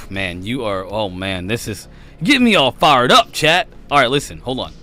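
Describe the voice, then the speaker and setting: A man's voice: mid-range voice, very animated, moderate pace, sharp tone. Guy hosting a podcast, fired up arguing, keeps saying hold on, faint music under it. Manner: interrupts, repeats "hold on" to push back. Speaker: podcast host. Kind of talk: heated debate.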